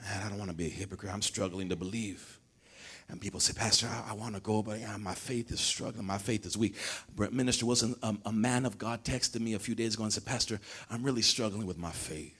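A male pastor preaching a sermon in church, swinging between shouted climaxes and low storytelling, calling on the congregation to respond. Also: fast talker, breathy edge. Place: church sanctuary.

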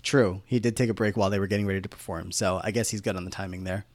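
A man's voice: low voice, fairly even intonation, rapid-fire, dry recording. A man co-hosting a podcast, recapping episode events in a loose, filler-heavy way. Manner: rambling plot recap with many fillers. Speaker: podcast co-host. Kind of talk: casual recap chat.

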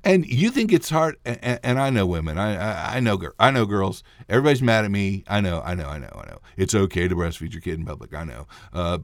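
On his own podcast, a man with a somewhat low voice tells a long personal story in a loose, rambling way. He often stumbles, restarts, and chuckles. The sound is dry and close, with no echo or room around it.

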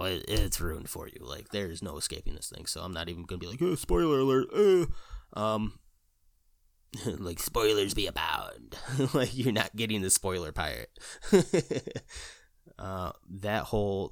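Excitable deep-voiced man, rambling. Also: gravelly, dry recording, studio quality. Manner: rambling and excitable, heavy fillers and swearing; gushing with enthusiasm. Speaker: vlogger. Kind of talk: casual chat.

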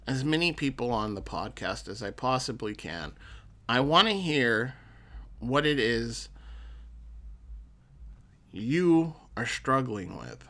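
A man's voice: mid-range voice, big pitch swings, slow pace, pauses often, bright, forceful tone. A man hosting a podcast alone, a counselor who talks earnestly and encouragingly to his listeners, often restarting his sentences. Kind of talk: solo podcast monologue.

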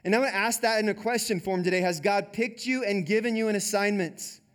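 A male pastor preaching a sermon in a conversational, animated way, often saying "like.". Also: high voice, brisk.

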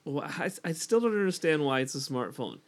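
A man's voice: on the high side, very animated, brisk. A man from Canada co-hosting a casual talk podcast, adding dry, teasing quips to his co-host's stories. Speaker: podcast co-host. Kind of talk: casual chat.

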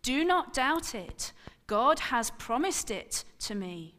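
A woman's voice: high-pitched, takes it slowly, long reverb tail. A woman reading the lines of a firm but tender old man in a scripted sermon passage.

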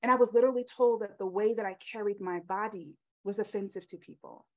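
A woman's voice: mid-range voice, fast talker. A woman speaking in a casual conversation, telling personal stories with lots of ums. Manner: animated storytelling with frequent ums.

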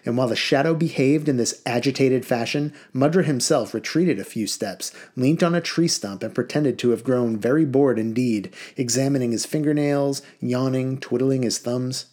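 A man reading a children's novel aloud in a lively, expressive way. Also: medium pitch, normal speed, hardly any pauses. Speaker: audiobook reader.

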